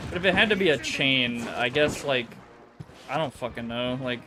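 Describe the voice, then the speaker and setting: A man's voice: medium pitch, animated, moderate pace, music in the background. A man streaming a video game and chatting casually, rambling, swearing often and laughing easily. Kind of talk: casual chat.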